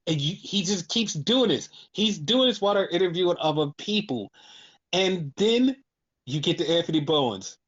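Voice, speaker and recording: Man, podcast host, casual wrestling recap, animated, swears a lot, acts out quotes, muffled lo-fi sound. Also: on the high side. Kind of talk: casual chat.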